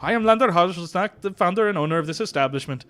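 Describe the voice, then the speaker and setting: A man's voice: fairly high pitch, very animated, fast talker, vocal fry, fairly bright tone, voice pushed up, heavily acted. A man voicing a fussy male elephant chocolatier in a game, with a wobbly put-on European accent that drifts between styles. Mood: theatrical.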